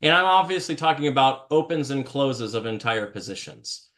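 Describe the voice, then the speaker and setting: A man's voice: mid-range voice, animated, normal speed, a bit bright. Male stream host, casual rambling chat, jokey and self-interrupting, mid-range voice. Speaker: live trading show host.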